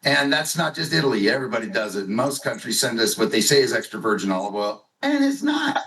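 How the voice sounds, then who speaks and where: A man delivers a loose, animated business pitch with jokes and side stories. His voice sits in a middle range. He sounds roomy and set back from the microphone. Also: quick pace. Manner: animated, jokey storyteller. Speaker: company presenter. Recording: echoey room, mic at a distance.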